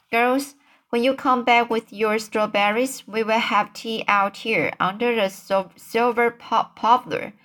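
A woman voicing a wistful, lonely older lady, reading slowly with small slips and restarts. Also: medium pitch, a bit bright, close to an everyday voice.

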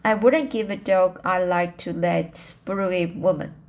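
A woman's voice: lowish voice, measured pace, a little mellow. A woman reading the part of a shy elderly farmer, speaking emphatically. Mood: indignant.

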